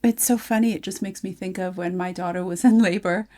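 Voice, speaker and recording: A woman's voice: on the low side, steady tone, fairly quick. A middle-aged woman hosting a podcast conversation as a midwife, telling stories and acting out what people said. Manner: warm storytelling, acts out voices. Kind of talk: casual conversation.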